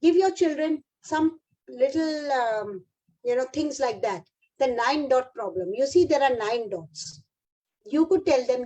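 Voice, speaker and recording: An Indian English woman delivers a motivational keynote to a room of teachers, coaxing and encouraging them the way she would her own class. Her voice sits high, yet its tone stays mellow and warm. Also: takes it slowly, rough recording. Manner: encouraging, addresses audience like a class. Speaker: keynote speaker.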